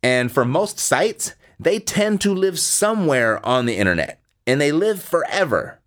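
A man's voice: fairly high pitch, big pitch swings, measured pace, fairly bright tone. A man coaching listeners on real estate investing in a blunt, emphatic way, repeating points for stress. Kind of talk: instructional talk.

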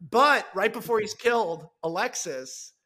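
A man on a podcast as a guest screenwriter, chatting casually in an excited, rambling way. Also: sits high, a little slow, slightly rough. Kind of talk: casual chat.

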